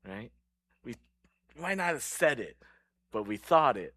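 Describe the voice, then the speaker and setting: A man's voice: medium pitch, very animated, slow, pauses often, sharp tone, breathy edge, dry recording. A young adult man preaching a sermon in a casual, joking way, laughing often. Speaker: pastor.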